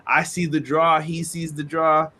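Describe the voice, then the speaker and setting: Lively man telling wrestling stories. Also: fairly high pitch, a little slow. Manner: animated storyteller, acts out quotes. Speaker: podcast co-host. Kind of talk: casual wrestling chat.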